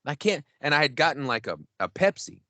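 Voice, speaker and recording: In a dry recording, a man with a slightly high voice speaks a bit quickly as he co-hosts a podcast. His story rambles, his casual talk is profane, and he animatedly acts out his own remarks.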